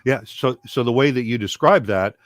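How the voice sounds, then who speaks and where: A man speaking as an interview guest, explaining in a measured way. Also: medium pitch, no room sound, studio quality. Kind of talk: interview chat.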